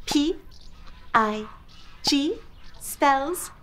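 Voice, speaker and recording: A young woman hosting a children's show, teaching toddlers in an animated, exaggerated, sing-song way. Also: sits high, very slow, pauses often.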